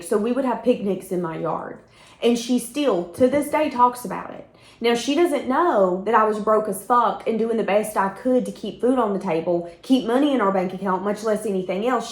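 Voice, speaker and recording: Woman doing a tarot reading, blunt and emphatic, mid pitch, kinda echoey room. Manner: candid and emphatic, with occasional swearing. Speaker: tarot reader. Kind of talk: intuitive tarot reading monologue.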